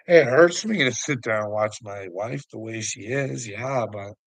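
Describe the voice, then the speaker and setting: A man's voice: medium pitch, measured pace, a bit bright, no echo, rough recording. A man ranting casually to a critic, taunting him with profanity and frequent chuckles. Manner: mocking, chuckling often, calls the listener "bud". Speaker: vlogger answering a critic. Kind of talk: casual rambling rant.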